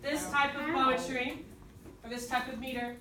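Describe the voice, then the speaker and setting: A woman's voice: high-pitched, fairly even intonation, moderate pace. A woman teaching a class, patiently repeating things and sounding out syllable stress. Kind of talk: classroom instruction. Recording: echoey classroom, voice from far off, background noise.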